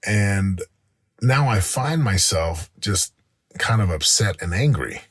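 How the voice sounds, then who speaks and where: Energetic motivational man, low husky voice. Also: slow, no echo, studio quality. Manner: energetic, repeats words and restarts. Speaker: podcast host. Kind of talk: motivational monologue.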